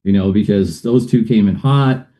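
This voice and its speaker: A middle-aged man, a guest on a talk show, tells a hard personal story. His voice sits low and sounds deep and dark. He rambles, leans on fillers and lets out uneasy little laughs. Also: moderate pace.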